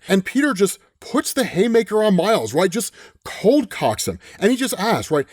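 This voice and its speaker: A man casually recapping a comic story, animated, quoting the characters as he goes and tagging lines with a quick "right?". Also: sits high, no room sound, clean studio sound. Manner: animated retelling, acts out lines in quick quotes, frequent "right?". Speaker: comic book explainer.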